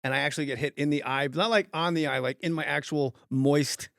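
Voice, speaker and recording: A man's voice: on the high side, fast talker, no echo, studio quality. A middle-aged man, a comedian hosting a podcast, telling stories in casual chat and acting out heated quotes. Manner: animated, acts out heated quotes loudly.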